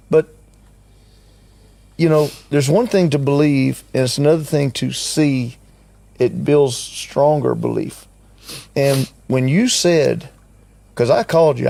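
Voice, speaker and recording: A man's voice: medium pitch, creaky, darkish tone, no echo. An older man telling a story in casual conversation, acting out what others said and chuckling often. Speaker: team member recounting a trip.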